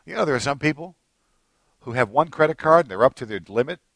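A man preaching a sermon as pastor, animated, swinging between low asides and high excited bursts and acting out little scenes. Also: fast talker, vocal fry, no room sound.

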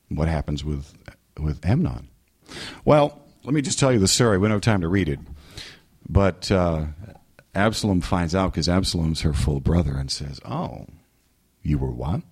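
A man from New England preaching a sermon as pastor, animated and joking, slipping into mimicry. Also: sits low, slightly rough.

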